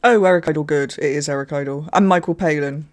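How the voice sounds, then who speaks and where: A man's voice: fairly high pitch, quick pace. A British man hosting a reaction video, chatting casually and self-deprecatingly with lots of restarts and hedges. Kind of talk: casual chat to camera.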